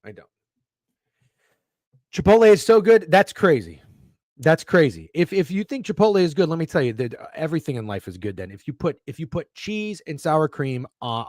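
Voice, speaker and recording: A man's voice: medium pitch, big pitch swings, moderate pace, no room sound, studio quality. A man hosting a sports betting live stream, ranting with heavy swearing and sarcasm while reading out chat messages. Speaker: sports betting show host.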